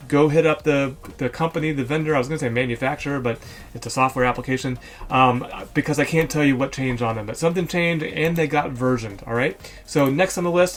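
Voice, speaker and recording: A man hosting a casual screen-share walkthrough, chatty and thinking aloud, correcting himself often with ums. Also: a little high. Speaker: host of a software store review show.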